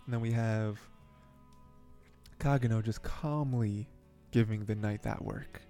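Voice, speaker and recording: A man's voice: on the low side, fairly even intonation, a little slow, gravelly, dark tone, soft background music. A man hosting an anime podcast, recapping episodes in a rambling, chatty way with frequent chuckles and fillers. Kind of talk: casual episode recap and commentary.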